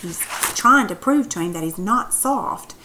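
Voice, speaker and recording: A woman's voice: medium pitch, lively intonation, measured pace, pushed and bright, a little hiss or hum, rough recording. A woman teacher reading a story aloud and then asking questions about it patiently.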